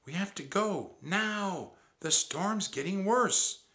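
A man's voice: high voice, slow pace, voice pushed up, exaggerated voice. A man voicing an urgent, bossy young girl. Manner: excited, urgent.

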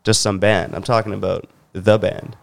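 A man's voice: lowish voice, little pitch movement, normal speed, gravelly. A man co-hosting a podcast in casual chat, easygoing and agreeable. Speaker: podcast co-host.

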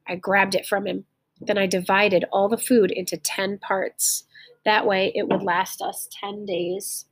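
Husky woman reading a story aloud. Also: medium pitch, dry recording. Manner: pauses to explain words in plain terms.

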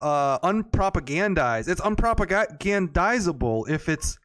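Male podcast co-host, casual and jokey, says "dude" a lot, voice a bit on the high side. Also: very animated, a little slow, fairly bright tone. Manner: joking, uses "dude" and "bro". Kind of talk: casual chat.

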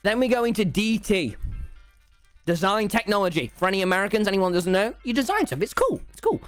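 A man's voice: high-pitched, very animated, a little fast, no echo, faint music behind. A teenage boy with a British accent tells a rambling, sarcastic school story while gaming live on stream, full of mock self-pity. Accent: British English.

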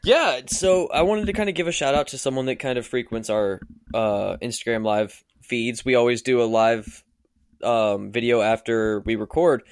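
A man's voice: mid-range voice, fairly even intonation, moderate pace, clean tone, dry recording, studio quality. A man co-hosting a podcast, chatting loosely and teasing his partner with some swearing. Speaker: podcast co-host. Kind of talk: casual podcast chat.

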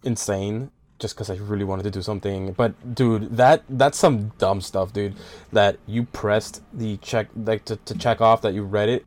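A man's voice: lowish voice, steady tone, normal speed, darkish tone. A man co-hosting a podcast, chatting casually in a laid-back way with short reactions. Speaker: podcast co-host. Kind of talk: casual chat.

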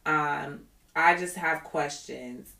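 Low-pitched lady cohost ranting casually, roomy echo. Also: takes it slowly, creaky. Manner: animated, opinionated, quotes others. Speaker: podcast co-host. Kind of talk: casual chat.

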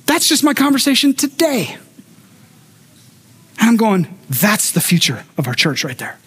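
A man's voice: sits high, sing-song, moderate pace, a bit bright, breathy edge. A male pastor delivering a sermon, telling stories with humorous asides and acting out the voices of the people he quotes.

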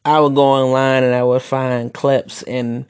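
A man's voice: medium pitch, level tone, unhurried, a little mellow, clear, resonant tone, no echo. A man who wrestles, hosting a casual podcast monologue, rambling and opinionated, with many restarts.

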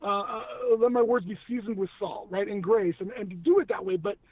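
This ex-actor turned news-media guest talks about faith with earnest emphasis in a casual conversation, frequently restarting. His high-pitched voice is brisk with a breathy edge. The recording is dry, tinny and phone-like, with no echo.

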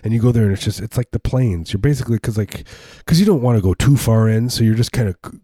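Man, casual comedic chat, rambling and jokey, dark mellow tone, husky, dry close sound. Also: mid-range voice, quick pace, no room sound. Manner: rambling, jokey, slips into silly put-on voices.

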